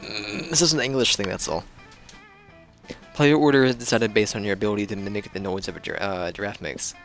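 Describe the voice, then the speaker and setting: A man's voice: fairly low pitch, fairly quick, fairly bright tone, soft background music. A man reading game text aloud on a live stream, casual and joking. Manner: casual, joking, playful narration. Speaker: streamer playing a dating game.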